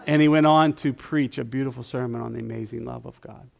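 A man preaching a sermon in a church, talking in a conversational, self-deprecating way and softening into quiet prayer. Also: mid-range voice, steady tone, fast, gravelly. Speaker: guest preacher. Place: church sanctuary.

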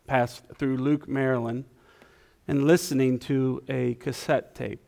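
A man preaching a sermon in a church, talking in a conversational, self-deprecating way and softening into quiet prayer. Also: medium pitch, fairly even intonation, measured pace, vocal fry. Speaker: guest preacher. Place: church sanctuary.

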